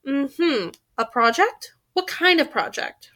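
Woman reading as a sarcastic teen girl, suspicious and pointed, high bright voice. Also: lively intonation, takes it slowly, heavily acted. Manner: sarcastic, accusing.

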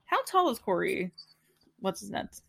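A woman's voice: mid-range voice, big pitch swings, a little slow, vocal fry, fairly bright tone, husky. A young woman co-hosting a casual chat, talking loosely with many fillers and giggles, sleepy and hiccuping. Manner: laid-back, lots of fillers, giggly. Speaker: podcast co-host.

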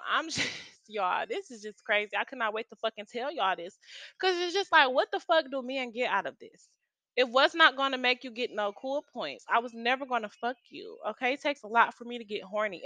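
A woman's voice: fairly high pitch, pushed and bright, no room sound. Heated, profane young woman host. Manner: blunt, heated and profane, talking straight to listeners. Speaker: podcast host. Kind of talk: casual story time.

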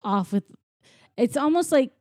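A woman casually retelling a film's plot to a co-host, animated, with lots of fillers. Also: sits high, a little slow, no echo. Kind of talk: casual film recap chat.

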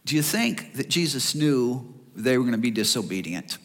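A male pastor preaching a sermon, animated, acting out the voices of people in the story. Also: mid-range voice, normal speed. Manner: animated preaching, acts out voices of listeners and Jesus. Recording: long reverb of a church hall.

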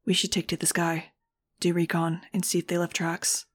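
A woman voicing a terse, brooding teenage boy who speaks low and in few words. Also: monotone, moderate pace, dry recording, close to an everyday voice. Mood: grim.

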